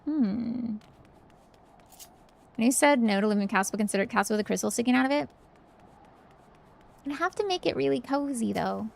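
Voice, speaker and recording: A woman's voice: a little high, animated, normal speed, vocal fry, pauses often. A young woman streamer giving casual, chatty commentary while playing a game, with giggly asides.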